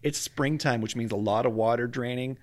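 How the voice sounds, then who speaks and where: A man's voice: medium pitch, normal speed. A man co-hosting a casual true-crime podcast, chatty and jokey, tripping over names as he tells the story. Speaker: podcast co-host. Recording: dry close mic at home, faint outdoor hum.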